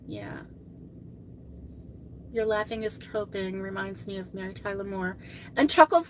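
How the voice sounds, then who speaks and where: A woman runs a crochet live stream, chatting easily with viewers, reading their comments aloud, and gushing and exclaiming often. Her voice is a little high, pushed and bright, at a moderate pace, with slight background noise.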